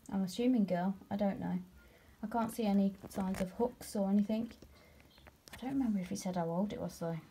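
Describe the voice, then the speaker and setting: A young British woman in a casual home vlog, showing off her new pet tarantula and often slipping into a high, slow baby voice to coo at it. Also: warm tone, breathy edge. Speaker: vlogger showing her pets.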